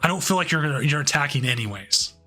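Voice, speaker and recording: Bright-voiced man casting a card game. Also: a little high, fairly quick, soft background music. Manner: relaxed, joking, with filler words and restarts. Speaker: tournament stream host and commentator. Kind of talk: casual live game commentary.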